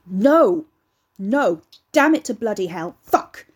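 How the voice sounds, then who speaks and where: A furious young man, snarling and swearing in loud outbursts, as a woman narrator puts him on. The tone stays dark and slightly husky. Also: fairly low pitch, fairly even intonation, fairly quick. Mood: raging. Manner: shouting, snarling.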